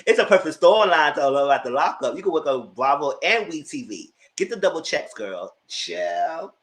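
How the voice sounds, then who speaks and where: Animated man chatting with sassy asides. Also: fairly high pitch, normal speed, few pauses. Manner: animated, laughing often. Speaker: TV recap YouTuber. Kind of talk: casual episode review.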